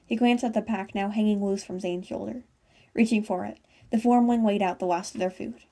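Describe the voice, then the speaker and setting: A woman's voice: medium pitch, steady tone, fairly quick, mellow. A woman reading fan fiction aloud in a casual way, stumbling and correcting herself as she goes. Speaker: fanfiction reader.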